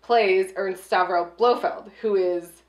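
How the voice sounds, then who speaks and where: A woman's voice: mid-range voice, slow pace. Chatty woman in a roomy echo. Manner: chatty, profane, lots of "like". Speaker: podcast co-host. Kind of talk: casual movie review chat.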